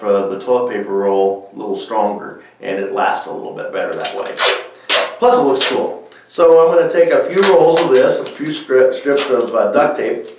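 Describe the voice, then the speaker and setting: A man's voice: mid-range voice, very echoey, distant mic, a little hiss or hum, rough recording. A man hosting a children's music show, explaining step by step how to make a kazoo, with easygoing fillers. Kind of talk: craft demonstration for kids.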